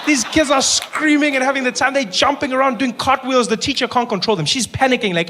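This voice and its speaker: A man performing animated stand-up storytelling on a comedy stage. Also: extremely high pitch, quick pace, hardly any pauses.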